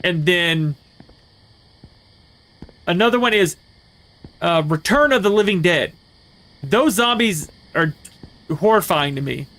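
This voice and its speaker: A man's voice: high-pitched, animated, slow, pauses often, a bit bright. A man streaming a horror game, telling a long rambling story full of fillers and restarts. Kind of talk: casual chat while playing a horror game.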